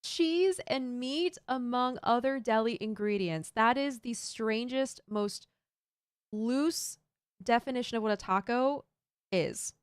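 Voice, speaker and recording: A woman's voice: fairly high pitch, expressive, takes it slowly, smooth, dry recording, clean studio sound. A woman streaming a building game, chatting casually and thinking aloud while she builds and reads chat. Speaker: Minecraft streamer.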